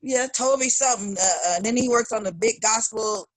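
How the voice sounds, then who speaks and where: Animated middle-aged woman, raised in Chicago. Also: a little high, brisk, no echo. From Chicago, United States. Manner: animated, acts out quoted voices of family. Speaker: guest singer. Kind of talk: casual interview chat.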